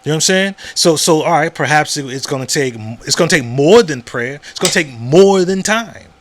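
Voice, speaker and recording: A man's voice: a little high, animated, fairly quick. Male podcast host, casual monologue, blunt and repetitive, conversational. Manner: conversational, repeats words and asks "you know what I'm saying?"; frank and profane.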